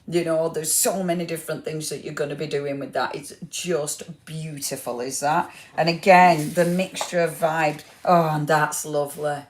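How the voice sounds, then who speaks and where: A woman hosting a live craft product showcase, gushing over papers and chatting to viewers by name. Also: sits low. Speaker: craft shop host.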